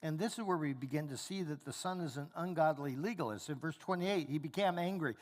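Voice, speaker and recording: A man's voice: a little high, brisk. A male pastor preaching a sermon, teaching animatedly and acting out the characters' lines. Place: church hall. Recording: long hall reverb.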